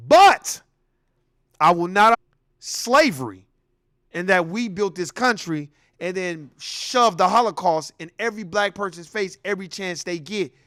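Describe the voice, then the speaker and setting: A man's voice: sits high, lively intonation, a little slow, bright, forceful tone, no echo, clean studio sound. A man hosting a commentary show, ranting bluntly and heatedly, telling stories with acted-out quotes. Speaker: host.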